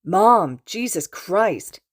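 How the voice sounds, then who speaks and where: A woman reading aloud, voicing a gruff, embarrassed teenage boy who speaks bluntly and mutters. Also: low voice, a little fast, warm tone, dry recording, clean studio sound. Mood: exasperated.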